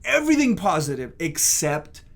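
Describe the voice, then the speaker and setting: A man's voice: on the high side, big pitch swings, moderate pace, gravelly. Candid, hesitant man with a raised voice. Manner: candid, self-critical, hesitant. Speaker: video creator. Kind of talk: casual reflective commentary.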